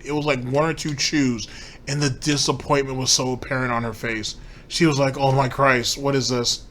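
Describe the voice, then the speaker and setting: Man, commentary host, ranting, swears a lot, mocking, middling pitch. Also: fairly bright tone, a little hiss or hum. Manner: profane, mocking.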